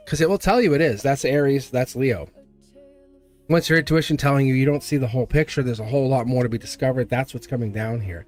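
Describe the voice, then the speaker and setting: A man's voice: medium pitch, a little fast, faint music behind. A man giving a live tarot reading, blunt and chatty, laughing often and acting out little voices. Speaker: tarot reader.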